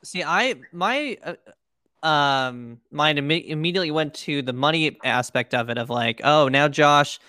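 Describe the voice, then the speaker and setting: Animated podcast co-host, dry sound. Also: mid-range voice, measured pace, no echo. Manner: animated, acts out quoted lines. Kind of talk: casual podcast chat.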